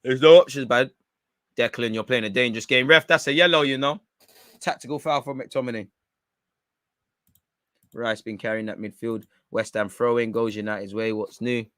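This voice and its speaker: A man reacting live to a football match from home, bantering in slang and shouting when chances come. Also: medium pitch, normal speed, long pauses, dry recording, clean studio sound. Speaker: football watchalong streamer.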